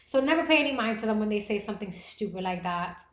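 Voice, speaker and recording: A young American woman hosting a livestream podcast, chatting casually with viewers in a playful, animated way. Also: medium pitch, fast. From United States. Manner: animated and playful, with gasps and bursts of laughter. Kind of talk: casual livestream chat reading viewer comments. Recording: echoey room.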